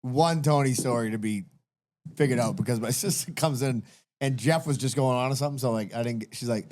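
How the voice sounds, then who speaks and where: A man's voice: medium pitch, fairly quick. A young man co-hosting a podcast in casual, rambling chat, swearing freely as he tells stories. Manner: rambling, profane, animated storytelling. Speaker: podcast co-host.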